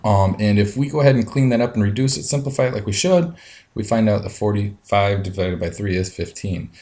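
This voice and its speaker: Male teacher, low and steady, walking students through math steps with plenty of ums. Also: a little fast. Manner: talks through each step aloud, frequent ums. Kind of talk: screencast lesson.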